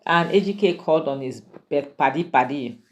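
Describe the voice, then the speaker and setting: Woman, low voice, chatty, opinionated, casual drama recap. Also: moderate pace, slight background noise. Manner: chatty and opinionated, with exclamations and asides. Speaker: drama reviewer.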